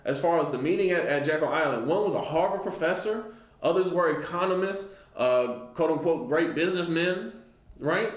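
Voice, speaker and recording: A man teaching an informal Bible lesson, reading old scripture slowly and with emphasis, and often asking "right?" to check in with his listeners. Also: fairly high pitch, roomy sound.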